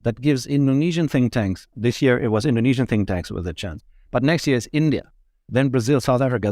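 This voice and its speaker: A man speaking as a guest in an interview, giving measured, point-by-point explanations as a think tank director. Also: mid-range voice, a little mellow, no room sound, clean studio sound. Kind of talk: podcast interview answers.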